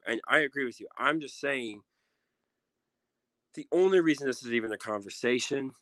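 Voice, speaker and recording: A man's voice: mid-range voice, bright, forceful tone, no echo. A man in casual sports podcast chat, emphatic and repeating phrases for effect. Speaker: podcast guest.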